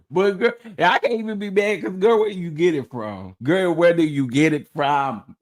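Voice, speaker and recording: This man's voice is fairly high and moves at normal speed as he hosts a laid-back gossip chat show. He tells his viewers stories animatedly, with frequent laughs and exclamations.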